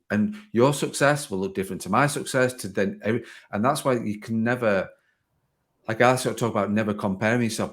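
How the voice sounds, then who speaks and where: A man hosting a casual business podcast, his voice sitting fairly low. He rambles, circles back and fills his sentences with "like" as he thinks aloud. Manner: rambling, restarts sentences, says "like" often. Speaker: podcast host. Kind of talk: casual conversation. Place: home garden office.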